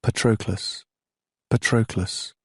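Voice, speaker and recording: A man's voice: fairly low pitch, steady tone, takes it slowly, slightly rough, no room sound, clean studio sound, full character voice. Achilles, a man voicing a shattered young warrior. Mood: grief-struck. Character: grieving young warrior hero, bitter and shattered.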